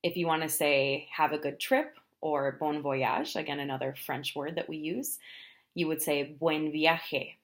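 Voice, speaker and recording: A woman teaching travel phrases in a language lesson, explaining each phrase and then saying it slowly, often twice. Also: deep voice, fairly even intonation. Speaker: Spanish teacher.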